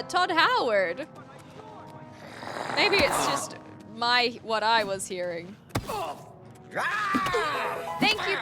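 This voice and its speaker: Formal-sounding woman with a British-like accent. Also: on the high side. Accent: formal British-sounding with a slight Kiwi twinge. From New Zealand. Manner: formal, precise speech. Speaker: streamer. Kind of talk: casual gameplay commentary. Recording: game music playing behind the voice.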